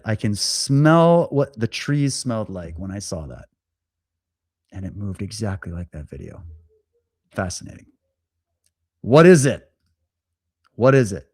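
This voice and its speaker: Animated male livestream host, dry sound. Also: mid-range voice, no echo. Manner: animated, stammers and repeats words, acts out quotes. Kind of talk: casual storytelling monologue.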